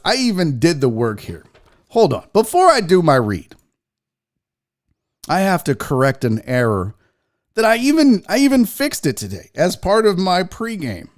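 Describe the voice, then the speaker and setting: A man in his forties hosting a sports talk show, bantering casually with jokes and self-mocking asides. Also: high voice. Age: 40s.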